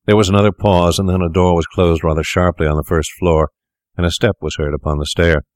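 A man reading a classic story aloud in a measured, deliberate way. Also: deep voice, steady tone, a little mellow, no echo, clean studio sound. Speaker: narrator.

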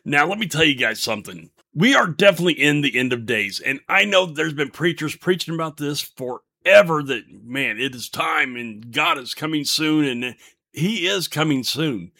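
A man's voice: a little high, animated, moderate pace, sharp tone. A man in his fifties, the show's host, sharing a faith testimony between songs in an earnest, folksy, preacher-like way. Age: 50s.

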